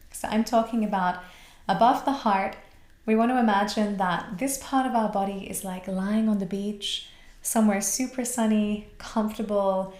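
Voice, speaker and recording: A woman from Australia teaching a voice class, guiding the breath with calm, slow cues. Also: medium pitch. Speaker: voice and mantra teacher. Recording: roomy echo.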